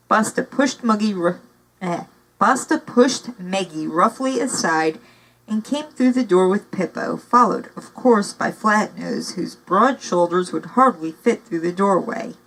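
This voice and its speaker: A woman's voice: mid-range voice, lively intonation, measured pace, a bit bright, low-quality recording. A woman reading a novel aloud, narrating steadily with occasional casual asides. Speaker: audiobook reader.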